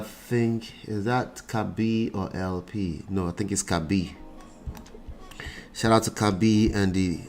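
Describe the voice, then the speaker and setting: A man hosting a relationship talk livestream, chatting casually and greeting viewers by name while he sounds congested. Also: fairly low pitch. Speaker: relationship coach and show host.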